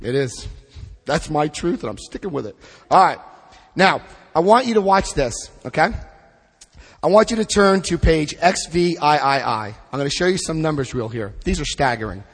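A middle-aged man leading a recovery group through a book study, speaking with emphatic, drawn-out stresses and asking the room questions. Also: on the high side, animated, husky, in a large hall. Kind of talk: impassioned recovery talk to a group.

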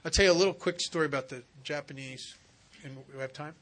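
A man giving a spiritual recovery talk, telling stories and acting out the dialogue in an animated way. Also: a little high, fast talker.

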